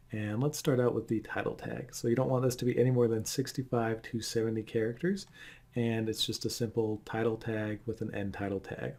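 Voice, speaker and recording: A man's voice: lowish voice, a little mellow. A man narrating a screen-recorded tutorial, explaining plainly and walking through examples step by step. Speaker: online course instructor.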